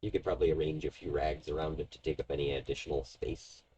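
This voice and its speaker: A man's voice: rumbling low, fairly even intonation, fast, warm tone, muffled recording, slight background noise. A man narrating as game master in a tabletop game, rambling with many ums and restarts.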